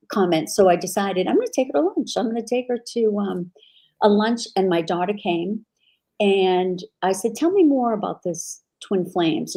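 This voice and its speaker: A woman's voice: mid-range voice, mellow. A woman guest, an aunt, telling a personal story on a podcast in a candid, exasperated way. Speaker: guest, aunt of a former cult member.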